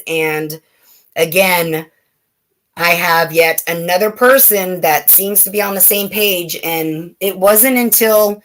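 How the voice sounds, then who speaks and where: A woman telling personal stories in a relaxed chat, with many fillers and restarts. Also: fairly low pitch, takes it slowly. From California, USA. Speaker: guest. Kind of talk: casual storytelling chat.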